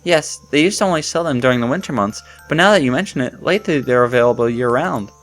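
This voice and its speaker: A man reading aloud and voicing a polite, gentle young woman from a game, with soft, courteous and formal speech. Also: medium pitch, animated, fast talker, faint music behind, pitched above the performer's own voice, natural voice.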